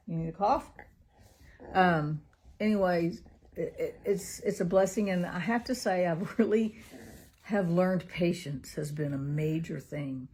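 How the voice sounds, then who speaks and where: A woman's voice: on the low side, measured pace, a little mellow, slightly rough. A middle-aged woman, a caregiving mother, talking earnestly in a personal vlog, laughing often and sometimes dropping to a whisper.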